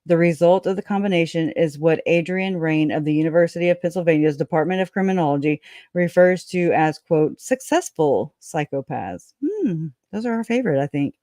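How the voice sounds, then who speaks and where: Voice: medium pitch, expressive, fairly quick, warm tone, no echo. Chatty livestream host, dry sound. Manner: chatty, laughs often, breaks off to talk to chat; loose, folksy speech with many restarts. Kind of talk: casual livestream commentary, reading aloud.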